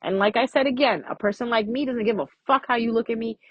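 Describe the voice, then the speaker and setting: Woman, astrology vlogger, casual and profane, husky voice, dry close sound. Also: fairly high pitch, fast, dry recording, lo-fi sound. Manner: frank, profane, chatty. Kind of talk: casual spoken astrology reading.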